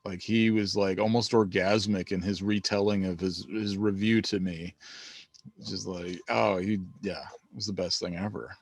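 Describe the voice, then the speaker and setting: A man's voice: low voice, fairly even intonation, normal speed, husky, dry recording. A man hosting a casual, profane chat, laid-back and laughing often. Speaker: host.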